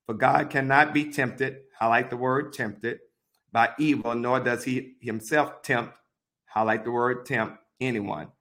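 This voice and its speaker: A man teaching a Bible study, reading verses aloud and pausing to give deliberate, repeated marking instructions. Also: mid-range voice, steady tone, a bit bright. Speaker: pastor.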